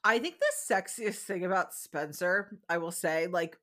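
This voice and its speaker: A woman's voice: on the low side, unhurried, pushed and bright. Woman podcast co-host, casual and opinionated. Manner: conversational, opinionated, many fillers. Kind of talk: casual chat recapping a reality show.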